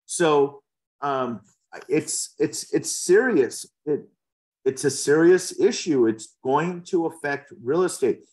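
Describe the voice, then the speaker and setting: A man's voice: a little high, animated, slow pace, darkish tone. A man working as a real estate agent, talking passionately and with strong opinions in a casual interview, often repeating words as he goes.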